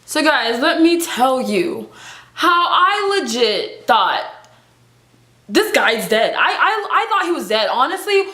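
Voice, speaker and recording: Young woman, vlogger, high voice, dramatic storytelling, echoey room. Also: slow pace. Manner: animated and dramatic, acting out her own reactions with frequent laughs. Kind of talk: casual storytime vlog.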